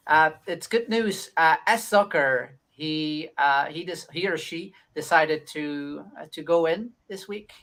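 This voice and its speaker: A man's voice: on the high side, unhurried, few pauses, fairly bright tone. A man co-hosting a casual podcast, stammering often and laughing readily. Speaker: podcast co-host. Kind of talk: casual chat.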